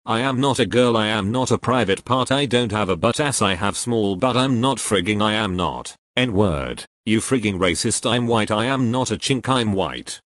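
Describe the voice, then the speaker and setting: A computer-generated male voice that reads joke error messages aloud in a flat, even, text-to-speech manner. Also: on the low side, moderate pace, hardly any pauses, no echo, studio quality. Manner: flat, evenly paced computer voice. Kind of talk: synthetic text-to-speech reading.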